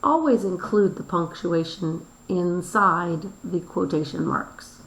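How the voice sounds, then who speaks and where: Slow, gravelly woman teacher in an echoey room. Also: on the low side. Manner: slow, deliberate explanation, spelling words letter by letter. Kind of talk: recorded classroom review lesson. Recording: roomy echo.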